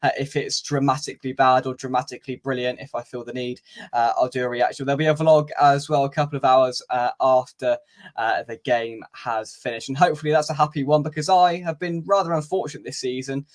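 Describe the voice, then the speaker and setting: A man's voice: medium pitch, fairly even intonation, fairly quick. A young man hosting a football fan channel's match preview, chatting casually and wryly with plenty of filler words. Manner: chatty, wry, lots of "uh" fillers.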